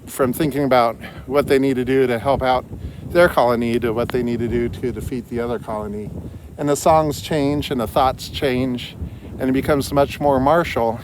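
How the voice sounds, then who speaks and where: A man's voice: medium pitch, background noise. A man talking through a book summary in a loose, conversational way, with frequent fillers and restarts. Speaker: book reviewer. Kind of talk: casual spoken book summary.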